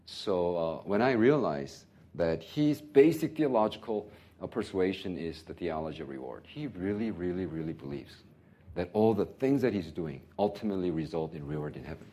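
Husky-voiced man preaching with animated stories. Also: low voice, normal speed. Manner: animated storytelling with laughter. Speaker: pastor. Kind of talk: sermon.

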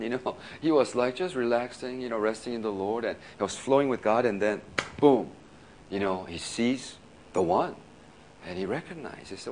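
A male pastor preaching in a casual, storytelling way, laughing often and filling his talk with "you know" and quick restarts. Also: medium pitch, a little mellow, a little hiss or hum. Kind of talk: sermon storytelling.

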